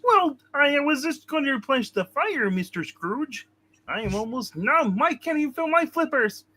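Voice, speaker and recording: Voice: high voice, very animated, moderate pace, bright, forceful tone, pitched above the performer's own voice, exaggerated voice. A reader voicing a shivering young male clerk, reading a comic book aloud in a meek, humble manner.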